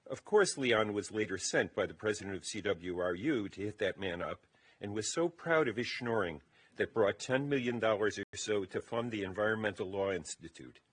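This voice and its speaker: At a funeral service, a man with a low, faintly husky voice delivers a eulogy, reading it from a prepared text. His pace is measured, and his delivery stays steady and deliberate throughout.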